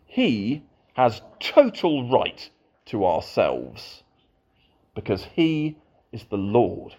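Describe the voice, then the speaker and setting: A man's voice: medium pitch, sing-song, extremely slow, dark tone, highs cut off. A man preaching a sermon to a congregation, with playful asides.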